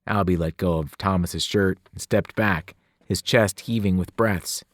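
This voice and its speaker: A man, a teacher, reading a novel aloud with expressive narration. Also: low voice, unhurried, dry recording, clean studio sound. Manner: expressive, voices the characters. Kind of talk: audiobook narration.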